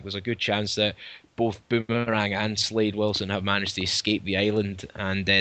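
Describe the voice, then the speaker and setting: A man's voice: on the low side, pushed and bright, no room sound. A man, co-hosting a casual fan chat and often searching for words. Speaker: podcast co-host.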